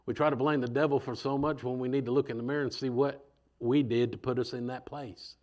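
A man preaching a sermon in a conversational, animated way, acting out voices as he goes. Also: medium pitch, brisk.

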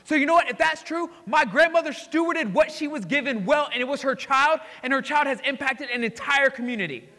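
High, bright-voiced excitable male pastor. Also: a little fast, few pauses. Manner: excitable, swings between loud exclamations and hushed asides. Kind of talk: sermon. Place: church sanctuary. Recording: hall reverb.

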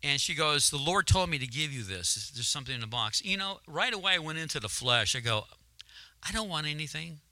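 A man's voice: on the high side, lively intonation, brisk, pushed and bright, no room sound. A man preaching a sermon testimony, turning emotional and building to fervent, rising exclamations. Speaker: guest preacher. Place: church sanctuary. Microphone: handheld mic, at times held away.

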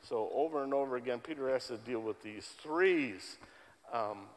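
A man's voice: mid-range voice, moderate pace. A man preaching a sermon in a church. He repeats key words for emphasis. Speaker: pastor. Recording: long hall reverb.

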